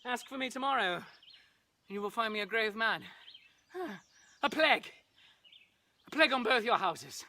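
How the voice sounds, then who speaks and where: A man's voice: high voice, expressive, measured pace, pauses often, pushed and bright, a little hiss or hum, exaggerated voice. A man voicing a wounded young swordsman, declaiming his lines theatrically. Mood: dying.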